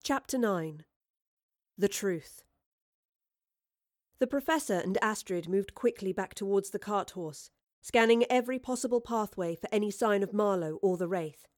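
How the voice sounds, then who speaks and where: A woman tells the story of an audiobook at medium pitch, steady and measured throughout. It's a dry recording with clean studio sound.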